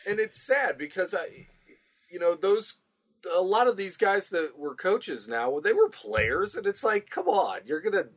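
A man on a sports podcast panel, animated and rambling. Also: sits high, unhurried. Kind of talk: casual sports podcast chat.

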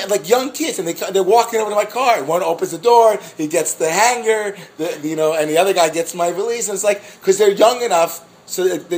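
A man teaching a class as a rabbi, telling a story in an animated, halting way with many restarts and laughs. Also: high voice, low-quality recording. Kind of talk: storytelling lecture.

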